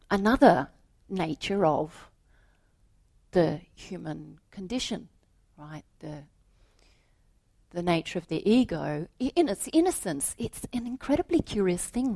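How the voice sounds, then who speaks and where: Woman spiritual teacher, slow and lively in pitch, storytelling talk with rhetorical questions. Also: husky. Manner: slow, animated, with soft asides and rhetorical questions.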